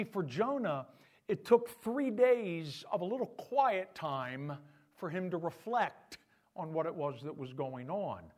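A man preaching a sermon as pastor, in an animated, conversational way. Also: sits high.

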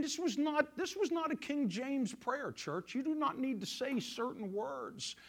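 A male pastor preaching a sermon, telling a story and swinging from loud emphasis to hushed quiet. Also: high-pitched.

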